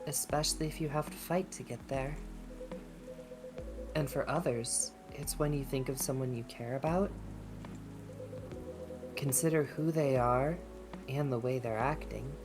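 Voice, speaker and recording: A woman voicing a calm, sincere alien in hiding, reading game dialogue in a soft, reflective way, with game music behind. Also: rumbling low, unhurried, long pauses. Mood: earnest.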